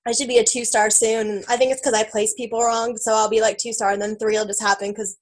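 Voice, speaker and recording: A woman's voice: fairly high pitch, level tone, fast, slight background noise, poor audio. A woman telling her own story in a casual, emotional way, tearful at times, with lots of fillers and quoted self-talk. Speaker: team member sharing her story.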